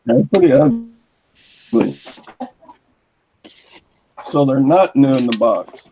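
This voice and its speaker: A man chatting on a video call, rambling through a list of items with pauses. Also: medium pitch, sing-song, warm tone, highs cut off, a little hiss or hum. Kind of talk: casual chat. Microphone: computer mic on a video call.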